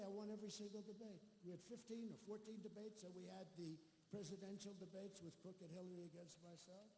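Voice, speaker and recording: A man's voice: high-pitched, fairly quick, dark tone, slight background noise. A man giving a rambling, boastful rally speech with mocking asides to a large arena crowd. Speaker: political speaker at a campaign rally. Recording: echoey arena hall with faint crowd ambience.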